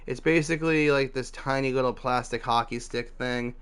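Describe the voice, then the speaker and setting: A man's voice: mid-range voice, fairly even intonation, normal speed, a bit bright, smooth. A young man telling a story from his teens in a loose, casual way, full of fillers and swearing. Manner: loose and profane, heavy "like" fillers.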